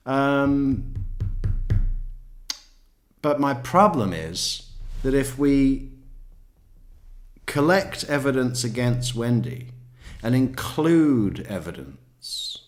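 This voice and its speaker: Man, lowish voice, true crime rant, sweary, sarcastic, exasperated, mocking. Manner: swears constantly, sarcastic and exasperated, mocks others in put-on voices. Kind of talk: profane ranting commentary.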